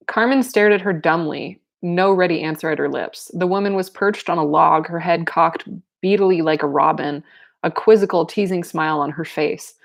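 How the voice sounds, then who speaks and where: A woman's voice: fairly low pitch, a little slow, creaky. A young woman reading a book aloud and breaking off into casual, laughing commentary and exclamations. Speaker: reader and commentator.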